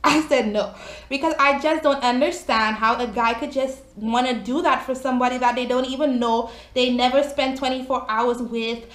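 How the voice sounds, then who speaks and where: A young woman telling a storytime to her viewers, animated and exclamatory, chatty and cursing casually. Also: high-pitched, moderate pace. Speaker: vlogger. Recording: echoey room.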